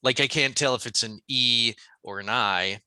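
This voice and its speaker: A man co-hosting a podcast, chatting loosely and rambling with frequent laughs. His voice is very bright and forward, recorded dry and close with no room sound. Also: medium pitch, moderate pace, clean tone, dry recording. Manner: rambling, laughing, jokey put-on accents. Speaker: podcast co-host. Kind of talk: casual comedic chat.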